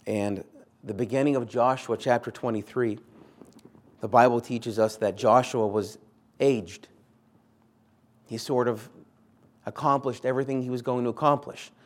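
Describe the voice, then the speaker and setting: A man's voice: mid-range voice, fairly even intonation, moderate pace, pauses often. A man preaching a sermon in an earnest, conversational way, repeating short phrases for emphasis. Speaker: pastor.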